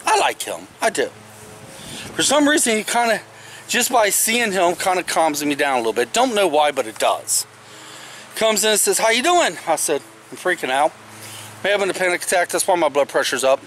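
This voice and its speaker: A man's voice: high-pitched, very animated, moderate pace, a bit bright, a little hiss or hum. A middle-aged man vlogging, telling a story casually and emphatically, swearing now and then.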